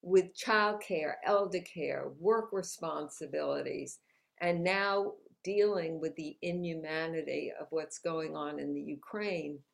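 Slow-spoken upbeat motivational woman. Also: sits low, gravelly. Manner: upbeat, motivational, laughs often. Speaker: guest, author. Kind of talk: conversational interview. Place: New York City.

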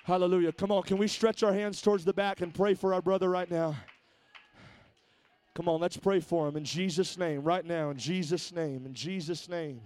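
A man's voice: sits high, fairly even intonation, moderate pace, darkish tone. A man preaching a Pentecostal sermon in church, repeating words as he moves from conversational talk to fervent exhortation. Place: church sanctuary.

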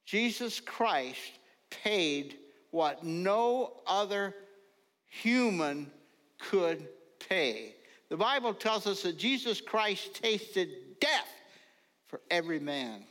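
An older man preaching a folksy sermon, telling stories slowly and now and then rising into loud ringing calls. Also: high-pitched, very animated. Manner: slow storytelling, bursts into loud ringing calls. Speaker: pastor. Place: church sanctuary. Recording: long reverb of a large hall.

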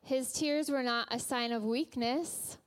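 A woman preaching in a church with an earnest, gentle storytelling manner. Her voice sits a little high, and she speaks slowly and deliberately, lingering over each phrase. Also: fairly even intonation, clean tone. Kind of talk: sermon.

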